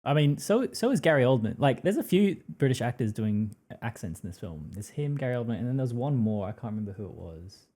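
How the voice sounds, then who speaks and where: A man's voice: mid-range voice, sing-song, a little fast, hardly any pauses, mellow. A man co-hosting a casual film podcast, chatty and laughing along, often stumbling into restarts. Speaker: podcast co-host.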